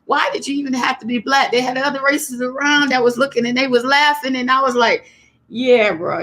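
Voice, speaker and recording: Greeting her viewers one by one by name, a high-pitched woman hosting a laid-back livestream retells a story with plenty of lively asides.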